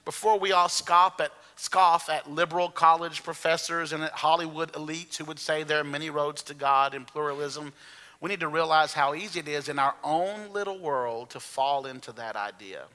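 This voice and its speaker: A man in his fifties delivers a sermon with a brilliant, ringing tone. He sits somewhat high for a man, leaning hard on key words as he preaches. A long church reverb trails behind him. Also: normal speed, pushed and bright. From Alabama, US. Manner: earnest, emphatic preaching, stressing key words. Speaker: pastor. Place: church sanctuary.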